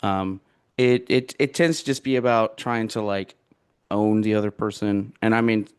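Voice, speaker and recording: A man's voice: lowish voice, steady tone, normal speed, clear, resonant tone. A man co-hosting a casual political podcast, rambling and hesitant, with many fillers and restarts. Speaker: podcast co-host.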